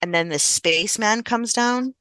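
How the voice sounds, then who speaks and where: A woman's voice: mid-range voice, normal speed, bright, forceful tone, clean tone, no echo. A woman co-hosting a podcast, casually recapping a film plot with lots of fillers. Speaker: podcast co-host. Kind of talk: casual movie review chat.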